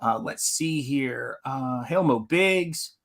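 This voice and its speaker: A man's voice: mid-range voice, lively intonation, takes it slowly, creaky, fairly bright tone. A man from the American South hosting a live stream, chatting casually and laughing often. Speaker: host of a live painting stream. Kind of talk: casual chat while reading stream chat.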